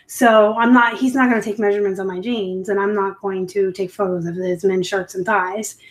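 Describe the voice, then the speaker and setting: A woman's voice: mid-range voice, fairly even intonation, moderate pace. A woman from the West Coast hosting a casual live stream, chatty and rambling, with her voice sometimes rising at the ends of phrases. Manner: chatty and rambling, upspeak at times. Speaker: live show host and reseller.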